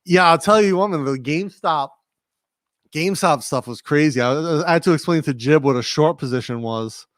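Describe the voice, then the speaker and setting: Chill guy w a slight new england accent rambling thru a livestream, smooth clear voice, dry close sound. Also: a little high, moderate pace, no echo. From Rhode Island, USA. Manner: rambling, laid-back, talks to viewers directly. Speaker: livestream host. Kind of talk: casual livestream chat, reading viewer comments. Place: home studio.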